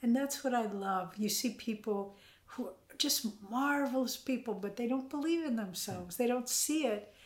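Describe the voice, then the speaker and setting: Woman, older, gentle, earnest, whispery at times, reflective, reverberant room. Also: a little high, animated, moderate pace. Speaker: interviewee, spiritual community member. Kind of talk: reflective personal storytelling. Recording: roomy echo.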